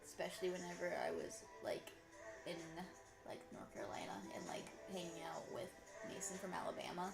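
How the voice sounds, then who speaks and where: A woman's voice: on the low side, sing-song, a little fast, vocal fry, reverberant. Southern us woman rambling on a stream, lots of likes, music going behind. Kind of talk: casual chat.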